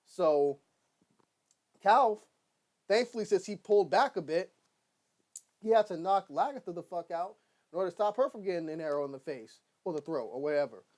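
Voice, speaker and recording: Excitable, swearing male TV reviewer. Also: high voice, normal speed, pauses often. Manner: excitable, rambling, swears often, laughs, acts out quotes. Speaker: TV episode reviewer. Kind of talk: casual recap with profanity.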